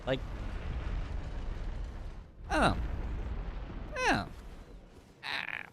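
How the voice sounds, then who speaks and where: A man's voice: fairly high pitch, wildly swooping pitch, slow pace, long pauses, background noise. A young man streaming a game, chatting casually with his chat, laughing often and musing aloud about how words are pronounced. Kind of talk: casual livestream chat while gaming.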